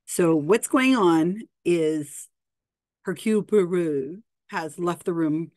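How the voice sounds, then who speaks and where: Low-voiced woman reading aloud, chatty. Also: takes it slowly, a little mellow, no echo, clean studio sound. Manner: chatty, reads passages with quoted dialogue, frequent restarts. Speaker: host. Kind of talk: casual explainer reading aloud from a book.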